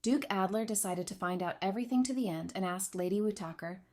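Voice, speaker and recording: A woman giving scripted narration of a romance comic recap in an even, steady storytelling manner. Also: medium pitch, fast talker.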